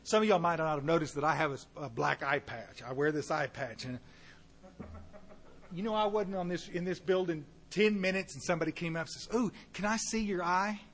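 A middle-aged man, giving a folksy personal testimony to a recovery meeting, with asides to the audience and bursts of animated volume. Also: on the high side, brisk, a little hiss or hum. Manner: shifts between quiet and loud animated bursts.

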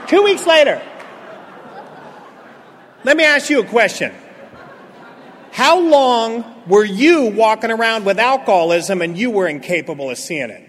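A man gives his personal recovery testimony to a meeting in a high, lively voice. He tells it like a storyteller, acting out what people said and dropping from loud to hushed. A long reverb trails his words through the hall. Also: moderate pace. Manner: animated storyteller, acts out quotes, swings from loud to hushed.

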